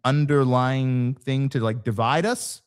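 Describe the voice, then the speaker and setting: A man's voice: mid-range voice, fairly even intonation, a little slow, smooth. A man hosting a podcast in casual conversation, telling stories with animation and acting out the voices of people he quotes. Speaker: podcast host, former police officer.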